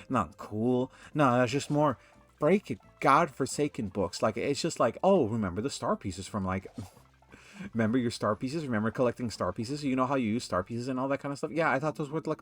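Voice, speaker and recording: A man giving casual gameplay commentary, rambling and ranting in exasperation. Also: medium pitch. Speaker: let's play commentator.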